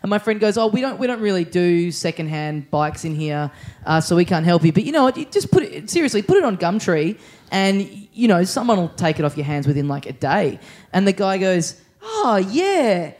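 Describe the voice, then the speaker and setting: A man's voice: sits high, animated, a little fast, a little mellow. A man, telling a funny story in casual chat and chuckling along.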